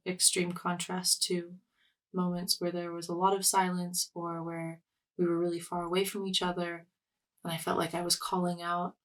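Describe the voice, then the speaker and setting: Soft-spoken young woman, a little off-mic. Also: on the low side, recorded from a distance, rough recording. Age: young adult. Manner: thoughtful, halting, many fillers and restarts. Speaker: artist, podcast guest. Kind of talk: reflective casual conversation.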